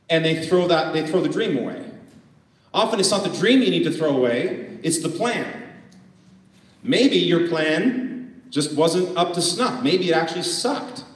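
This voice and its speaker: A man from Canada giving an energetic motivational business talk to a live audience, asking questions and joking. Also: on the high side. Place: event hall with a live audience. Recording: echoey hall, voice from far off.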